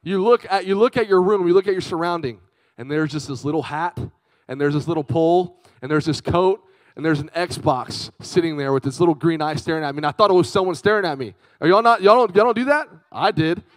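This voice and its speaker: A young man giving a youth sermon, telling a personal story in a chatty, lively way and calling out to his young audience. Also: fairly high pitch, fairly quick, dry recording. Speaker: youth speaker.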